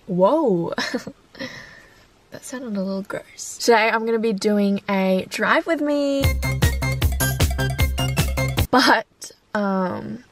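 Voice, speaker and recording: A woman's voice: mid-range voice, distant mic. A young Australian woman chatting casually and giggling as she films a vlog from inside her car. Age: young adult. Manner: giggly, chatty, self-mocking. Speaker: vlogger. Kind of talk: casual chat while driving.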